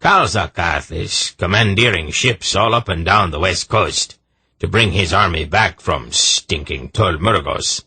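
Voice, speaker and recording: A man voicing a coarse, blunt male merchant who speaks gruffly and plainly. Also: low voice, measured pace, pushed and bright, dry recording, full character voice.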